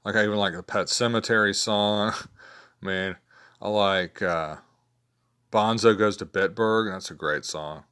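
Low-voiced man rambling about favorites. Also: fairly even intonation, a little slow, sharp tone, clear, resonant tone. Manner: rambling, low-key, many fillers and restarts. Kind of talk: casual spoken list of favorites.

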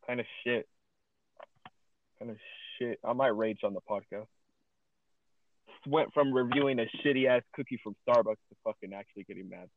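A man's voice: mid-range voice, normal speed, long pauses. Guy swearing a lot, ranty podcast call, sounds like a phone line. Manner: cursing, easily frustrated, ranting. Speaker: podcast co-host. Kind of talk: casual chat on a call.

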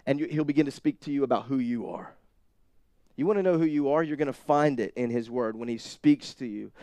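A young man preaching a sermon, moving from quiet asides to loud, emphatic bursts. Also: fairly high pitch, dry recording, clean studio sound. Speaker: pastor.

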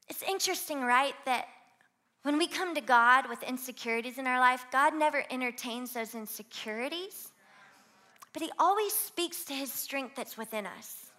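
A woman's voice: high voice, expressive, moderate pace, sharp tone. A woman giving an emphatic, conversational sermon as a guest preacher at a live church gathering.

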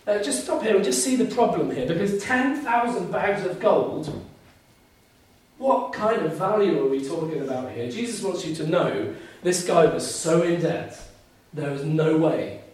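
Guy preaching a sermon, earnest and emphatic, repeats his points, voice a bit high, super echoey room. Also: animated, normal speed, darkish tone. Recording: very echoey room, mic at a distance.

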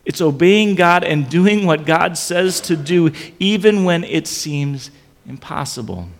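A man's voice: a little high, animated, unhurried, long reverb tail. A man preaching a sermon in a conversational way, often repeating his phrases. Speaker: pastor.

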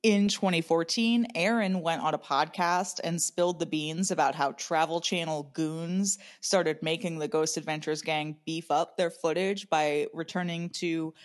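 A woman's voice: low-pitched, fairly even intonation, a little slow, few pauses. Chatty sarcastic woman podcast host. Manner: chatty, sarcastic, swears freely. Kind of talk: casual podcast storytelling.

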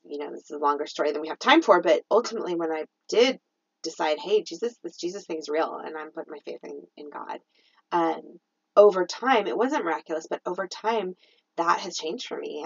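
A woman's voice: low voice, vocal fry, husky, no echo, muffled recording. A woman co-hosting a podcast, talking earnestly and reflectively in a casual faith chat, with frequent restarts. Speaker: podcast co-host.

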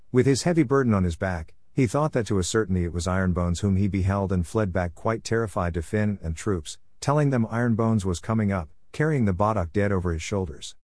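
A man narrates an old folk tale in a steady, measured audiobook reading. His voice sits on the low side. The recording is dry and close, with no room sound at all. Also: dry recording.

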